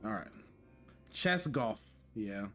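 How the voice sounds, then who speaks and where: A man streaming a game live, talking to his chat in a jokey, excitable way and repeating himself when flustered. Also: fairly low pitch, slow, music in the background. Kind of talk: live gameplay commentary.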